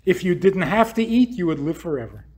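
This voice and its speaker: A man's voice: sits high, sing-song, brisk, a little mellow. A man speaking as a rabbi, lecturing an audience with provocative rhetorical questions and acting out what imagined people would say.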